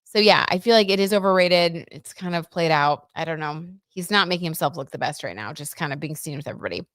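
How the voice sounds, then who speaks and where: A young woman hosts a casual livestream, chatting her way through gossip and tarot readings in a loose, filler-heavy way. Her voice sits low for a woman. The sound is close and dry, with no room echo. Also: lively intonation, quick pace, fairly bright tone. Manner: chatty, gossipy, lots of "like" and "you know".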